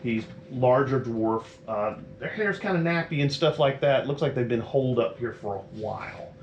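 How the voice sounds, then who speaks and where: A man running a tabletop game as game master, describing scenes in a relaxed, rambling way. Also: medium pitch, normal speed, lo-fi sound. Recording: roomy echo, faint noise.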